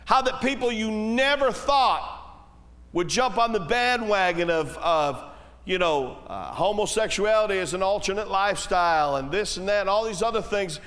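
A high-voiced man preaches in a folksy, conversational manner. He swells to emphatic peaks, then sinks low and slow. His voice carries a long reverb through a church hall. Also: fairly bright tone. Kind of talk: sermon.

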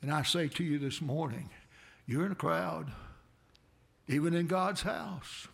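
A man preaching a sermon, with dramatic swells that build to near shouts. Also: measured pace, gravelly. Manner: dramatic preaching with sudden swells in pitch and loudness.

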